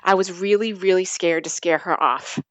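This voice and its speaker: A woman in her forties telling her personal story as an interview guest, earnest and halting, often restarting her sentences. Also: fairly low pitch, dry recording, highs cut off. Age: 40s.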